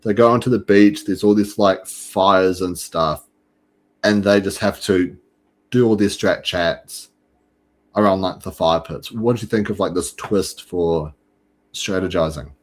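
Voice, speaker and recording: A man with a lowish voice hosts a relaxed fan podcast. He talks in a chatty, loose way, full of fillers and restarts. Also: measured pace. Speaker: podcast host. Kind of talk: casual fan chat.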